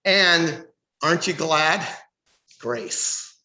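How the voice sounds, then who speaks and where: Emphatic high-voiced American man preaching. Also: expressive, measured pace, fairly bright tone. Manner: emphatic, reads scripture aloud and asks rhetorical questions. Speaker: Bible study teacher. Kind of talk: sermon-style Bible teaching. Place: church hall. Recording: echoey room.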